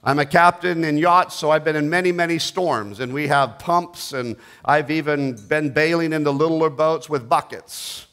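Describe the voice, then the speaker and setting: A middle-aged man preaching a sermon, dramatic, swinging between loud bursts and hushed asides. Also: a little high, moderate pace, hardly any pauses.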